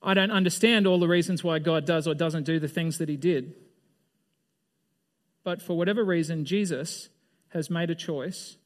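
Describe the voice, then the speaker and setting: A man preaching a sermon as a pastor in a loose, conversational way. He asks his listeners questions and often restarts or trails off mid-sentence. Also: fairly high pitch.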